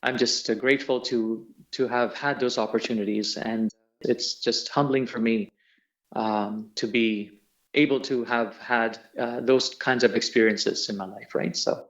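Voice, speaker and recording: A man's voice: medium pitch, a little slow. A man, a musician, reminiscing as an interview guest, laughing often as he tells stories. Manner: laughs often, animated storytelling. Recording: dull lo-fi audio.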